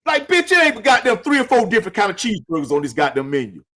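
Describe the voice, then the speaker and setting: A man's voice: high-pitched, wildly swooping pitch, fast, pushed and bright. A middle-aged man hosting a casual talk show, emphatic and repetitive, lecturing his guest with plenty of profanity. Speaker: podcast host. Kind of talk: casual chat.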